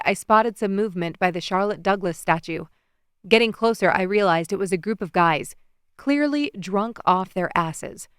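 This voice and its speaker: Smooth-voiced woman narrating a romance audiobook. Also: mid-range voice, dry recording, studio quality. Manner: expressive, storytelling.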